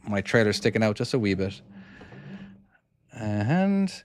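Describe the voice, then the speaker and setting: A man's voice: on the low side, very animated, unhurried. A man in his forties with a Cork Irish accent, chatting casually on a livestream while he plays his own game and reads out comments, rambling and often repeating and restarting his words. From Ireland (Cork). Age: 40s. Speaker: indie game developer and streamer.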